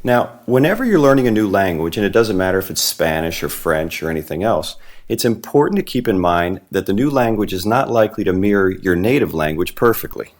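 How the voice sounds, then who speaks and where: Deep-voiced man teaching beginner lessons. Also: sing-song. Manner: patient, explains step by step, slows down on the Spanish words. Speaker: Spanish teacher. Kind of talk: scripted lesson narration.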